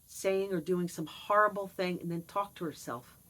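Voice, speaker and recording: A woman's voice: lowish voice, normal speed, fairly bright tone, rough recording. A woman in her fifties talking candidly on her vlog, earnest with wry asides. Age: 50s. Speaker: vlogger. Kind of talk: personal confessional vlog.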